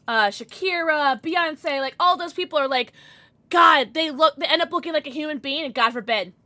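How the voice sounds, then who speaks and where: Woman, 30s, gaming streamer, casual chat, bright and slightly high. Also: normal speed, no echo. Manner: chatty, affectionate with chat, frequent fillers.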